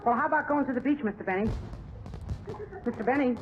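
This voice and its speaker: Dennis, a high, naive young man. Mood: naive eager. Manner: naive, eager, fast-talking. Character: dim, cheerful young man who thinks he's funny. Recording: old radio broadcast, lo-fi with hiss.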